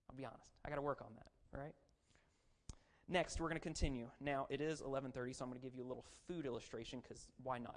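A preacher giving a sermon in a conversational way, asking the audience questions and adding self-deprecating jokes. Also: mid-range voice. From raised as a Baptist missionary and pastor's kid.

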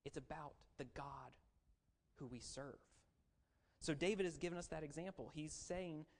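Raised as a Baptist missionary and pastor's kid, this preacher delivers a conversational sermon at a moderate pace in a mid-range voice. He quizzes the audience and throws in self-deprecating jokes.

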